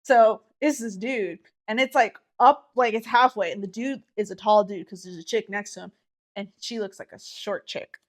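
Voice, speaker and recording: A woman's voice: mid-range voice, normal speed. A young woman co-hosting a podcast, teasing and playful in casual chat. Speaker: podcast co-host.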